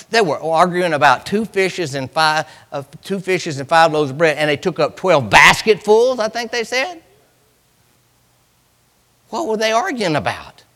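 A man preaching a sermon in a church, swinging from loud cries to hushed lines. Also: a little high, big-room sound.

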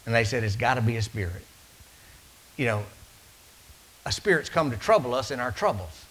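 Bright-voiced preacher, loud then hushed. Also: male voice, medium pitch, big pitch swings, moderate pace, husky, poor audio. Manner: storytelling, swinging from loud to hushed. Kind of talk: sermon.

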